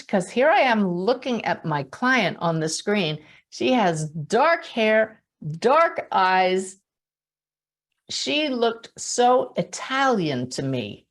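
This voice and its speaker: A woman hosting a webinar as a spiritual medium, telling stories in a chatty, animated way and laughing often at her own anecdotes. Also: medium pitch. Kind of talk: monthly webinar talk, storytelling.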